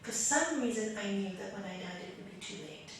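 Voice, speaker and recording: A woman's voice: medium pitch, fairly quick, slight background noise. Woman teaching yoga in an echoey room. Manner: lively, chatty, often laughing while telling anecdotes. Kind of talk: spiritual talk to a small group. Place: meditation group room. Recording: echoey room, voice picked up from a distance.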